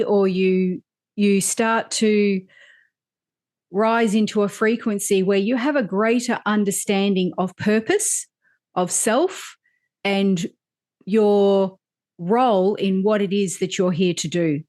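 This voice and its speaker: A woman's voice: medium pitch, slow, a little mellow. A woman hosting a spiritual podcast, talking in a reflective, earnest way and affirming her guest. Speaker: podcast host. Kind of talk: casual interview.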